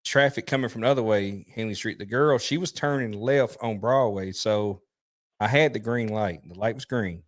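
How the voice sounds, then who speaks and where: Animated man telling stories. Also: fairly low pitch, normal speed. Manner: animated storytelling with restarts and laughter. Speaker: truck driver and podcast host. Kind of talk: casual chat.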